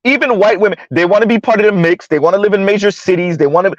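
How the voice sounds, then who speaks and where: A man's voice: high-pitched, fast, no echo, highs cut off. A man hosting a live stream, ranting and mocking as he comments, often swearing and laughing.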